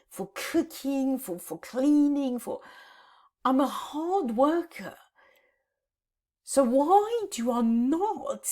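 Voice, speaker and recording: A woman in her fifties talks to camera from her home office, halting and close to tears as she vlogs. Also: high-pitched, darkish tone. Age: 50s. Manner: halting, repeats words, tearful. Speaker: decluttering vlogger. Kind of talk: emotional vlog to camera.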